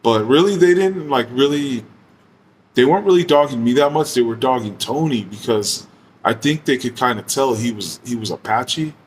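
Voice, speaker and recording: A man telling a story in a relaxed, casual way, full of slang, swearing and fillers like "you know". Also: mid-range voice, moderate pace, a little hiss or hum. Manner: laid-back, slangy and profane, heavy use of fillers.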